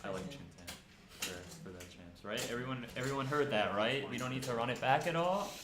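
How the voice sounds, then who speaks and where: A man's voice: mid-range voice, lively intonation, fairly quick. A man commentating a live poker tournament in a loose, joking, casual way. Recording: echoey room with background noise.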